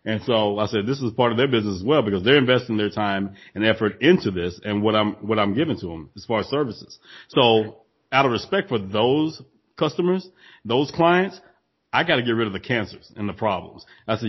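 Man, co-host, husky and a little muffled, emphatic, repeats himself for weight. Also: fairly low pitch, lively intonation, a little fast. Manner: emphatic, repeats phrases for stress. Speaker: podcast co-host, former gym owner. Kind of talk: casual business chat.

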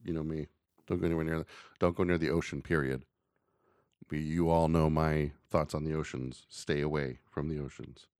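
Deep-voiced joking podcast host, man. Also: fairly even intonation, moderate pace, a little mellow, clean tone, dry recording, clean studio sound. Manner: rambling, joking. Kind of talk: casual podcast chat.

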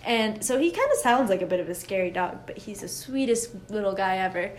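A woman's voice: mid-range voice, sing-song, a little fast, a little hiss or hum. A woman co-hosting a podcast in casual chat, often laughing at herself and correcting her slips. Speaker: podcast co-host.

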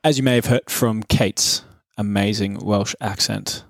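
A young man co-hosting a fitness podcast in a relaxed, joking way, laughing often. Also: lowish voice, unhurried, vocal fry, no room sound, studio quality. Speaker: podcast co-host, fitness coach. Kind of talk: casual chat.

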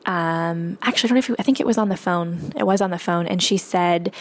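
A woman's voice: on the low side, fast, few pauses. A woman author and coach telling a candid, casual story about money, swearing freely and using many fillers.

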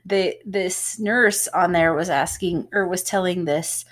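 A woman's voice: on the low side, a little slow. A woman, a home health nurse, co-hosting a casual podcast and explaining at length with small laughs.

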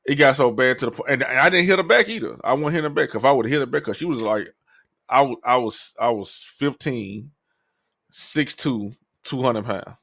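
A man's voice: mid-range voice, animated, brisk, creaky, a bit bright, no echo. Man telling a story, dry close sound. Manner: loose, profane, acts out other people's lines. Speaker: podcast host. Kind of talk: casual storytelling.

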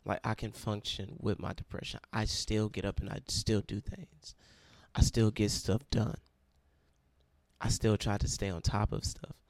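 Low gravelly man telling his story. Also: dry recording. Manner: earnest storytelling with emphatic repetition. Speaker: speaker sharing his testimony. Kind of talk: personal testimony talk.

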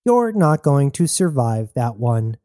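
A man's voice: mid-range voice, sing-song, takes it slowly, dark tone, no room sound, studio quality. A man voicing a callous male cyborg hunter, offhand and lazy in his talk.

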